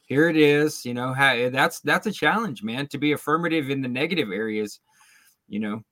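A man's voice: medium pitch, animated, a little fast, pushed and bright. A man on a podcast giving earnest, motivational advice in casual, sometimes profane chat.

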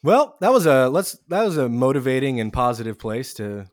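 A man's voice: mid-range voice, big pitch swings, brisk, no echo, studio quality. A man co-hosting a podcast in casual chat, chatty and easygoing, laughing often. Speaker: podcast co-host.

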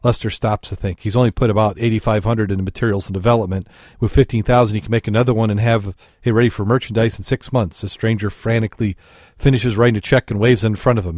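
A man co-hosting a podcast in casual chat, chatty and quick to laugh. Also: on the low side, fairly even intonation, a little mellow, no echo, clean studio sound. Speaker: podcast co-host. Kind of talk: casual chat and joke telling.

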